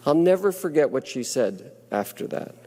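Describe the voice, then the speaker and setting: A man's voice: on the high side, very animated, normal speed, mellow. A man giving a prepared ceremonial speech, telling stories in an earnest, reflective way. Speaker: ceremony speaker. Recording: long hall reverb.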